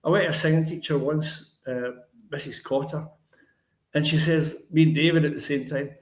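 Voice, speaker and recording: Older Lanarkshire Scottish male guest, fairly high voice, animated storyteller, echoey room. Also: moderate pace. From Lanarkshire, Scotland. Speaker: guest musician. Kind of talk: casual chat. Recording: roomy echo.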